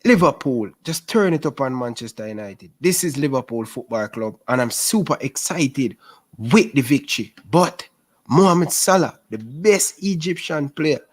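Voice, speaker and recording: Excitable male football fan host. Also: medium pitch, moderate pace. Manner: excitable, repetitive, calls people bro. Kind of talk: casual post-match fan stream.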